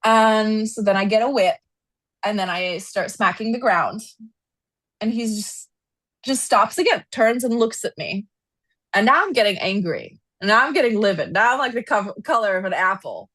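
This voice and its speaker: A woman speaking as a podcast guest, recounting a personal story in an easy, conversational way. She is expressive and animated, leaning on "like" as she talks. Her voice sits in a middle register and the sound is close and dry, with no room around it. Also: moderate pace, no echo. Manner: animated storyteller, frequent "like", rises in pitch when reliving anger. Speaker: podcast guest, equine therapist. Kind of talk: casual interview storytelling.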